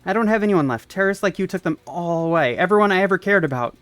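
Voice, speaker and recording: A man's voice: high voice, lively intonation, fast talker, fairly bright tone, no room sound, faint music behind, pitched above the performer's own voice. A man voicing a young woman soldier in a game, speaking in a shaky, defiant way.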